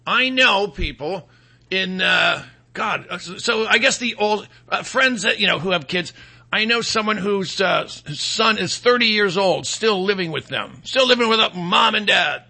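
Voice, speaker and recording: A sarcastic middle-aged man running a political commentary monologue, with a high-pitched voice. His tone is very bright and sharp, with a gravelly crackle. He rambles with fillers and mocking asides. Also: moderate pace.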